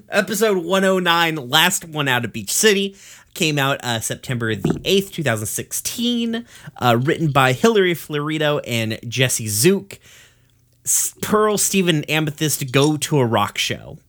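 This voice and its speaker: A very animated man with a higher, slightly bright voice co-hosts a podcast, rambling casually through a recap of a cartoon episode. He swears freely, laughs often, and voices characters in quick asides.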